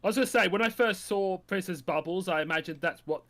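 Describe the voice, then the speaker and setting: Higher-voiced man making dry quips. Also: fast talker, fairly bright tone. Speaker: podcast co-host. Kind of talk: casual chat.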